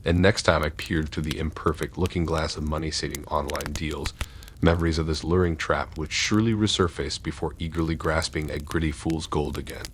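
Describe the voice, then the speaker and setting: A man reading horror stories aloud in a steady, dark scripted narration. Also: extremely low pitch, a little fast, a little hiss or hum.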